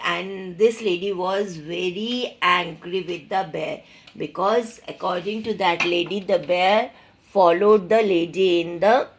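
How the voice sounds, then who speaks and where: An Indian woman with a fairly low voice goes through a school reading lesson. She reads the story aloud and then retells each part more simply, slipping into Hindi at times. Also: unhurried, slight background noise. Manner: reads a line, then explains it again in simpler words, mixing in Hindi. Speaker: teacher. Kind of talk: explaining a textbook story in class.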